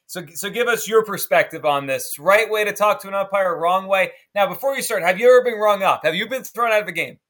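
Male co-host, high voice, casual and curious. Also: a little fast, few pauses, fairly bright tone. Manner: asks questions, sets up topics. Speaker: podcast co-host. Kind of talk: casual chat.

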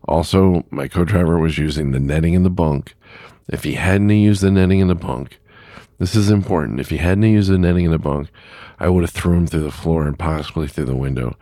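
Middle-aged trucker, very low voice, gravelly, blunt rambling storytelling, dry close sound. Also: male voice, a little fast, dark tone, no echo. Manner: blunt, rambling, repeats himself, plain-spoken. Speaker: long-haul truck driver. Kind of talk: casual storytelling to camera.

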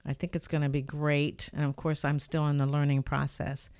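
An older woman hosts her own podcast from a home studio, speaking into a studio microphone in a low voice at normal speed, with a little hiss or hum in the background. She tells a personal story earnestly and reflectively, growing lively as she retells events.

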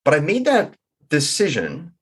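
A man's voice: on the high side, wildly swooping pitch, unhurried. A middle-aged man telling his personal story in an interview, reflective and candid, with an occasional stammer. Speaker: guest.

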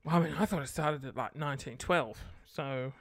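A woman's voice: a bass voice, a little fast, no room sound, clean studio sound. A woman hosting a casual solo podcast late at night, rambling and sarcastic, muttering curses under her breath. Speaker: podcast host.

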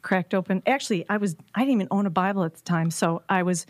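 A woman's voice: mid-range voice, quick pace, no echo, clean studio sound. Laughing woman telling a story. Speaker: podcast guest. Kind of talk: casual chat.

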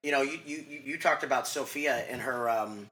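A man as a mindset coach guest in a casual interview, talking fast and rambling with lots of "like" and restarts. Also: medium pitch, pushed and bright.

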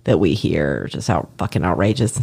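Animated, profane woman telling stories. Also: very deep voice, fairly quick, creaky, husky. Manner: animated storyteller, profane, acts out voices, laughs often. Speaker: former labor and delivery nurse. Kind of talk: casual chat.

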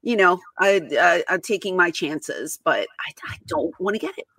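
In a dry recording with no room sound, a woman hosting a podcast chats casually at normal speed, her fairly low voice a touch bright. She presses her points emphatically, repeats herself a lot, restarts often, and comes across as exasperated.

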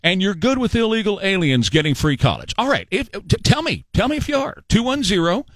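A man's voice: high voice, huge pitch swings, brisk, a bit bright, dry recording. A man hosting a talk radio show, delivering an emphatic, sarcastic political monologue with rhetorical questions.

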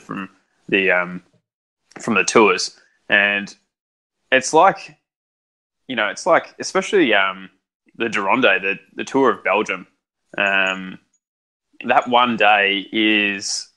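Bright-voiced young man. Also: fairly low pitch. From Australia. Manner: chatty storyteller, many fillers and restarts. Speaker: guest, son. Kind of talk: casual conversation.

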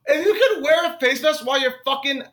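Thirties guy w a really high bright voice, excitable podcast rant, swears a lot. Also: brisk. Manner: excitable, swears often, laughs at own jokes. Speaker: podcast co-host. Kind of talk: casual podcast chat.

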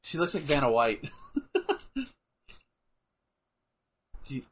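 A man chatting casually and reacting loudly to a wrestling match, laughing often. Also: on the high side, extremely slow, breathy edge. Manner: animated, laughs often, bursts into shouting. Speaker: co-host watching wrestling.

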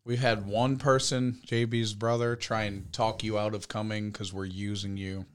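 A man's voice: fairly low pitch, little pitch movement, normal speed, clear, resonant tone. A man hosting a podcast in casual chat, blunt and profane, with lots of fillers. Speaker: podcast host.

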